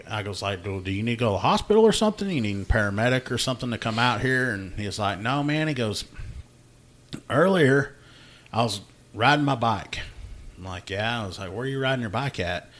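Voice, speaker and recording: A man's voice: lowish voice, a bit bright. A man, hosting a casual podcast chat and telling a work story with plenty of laughter and acted-out dialogue. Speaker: podcast host, law enforcement officer.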